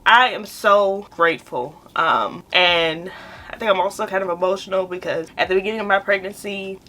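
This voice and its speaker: A woman's voice: medium pitch, fairly bright tone. A young woman vlogger chatting to camera in a heartfelt, rambling way, talking straight to her viewers. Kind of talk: casual chat to camera.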